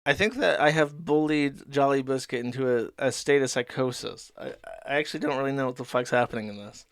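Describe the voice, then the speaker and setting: A man hosting a show, giving rapid, deadpan, mocking commentary on internet content. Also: mid-range voice, no room sound, clean studio sound. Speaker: show host. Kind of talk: sardonic commentary on online content.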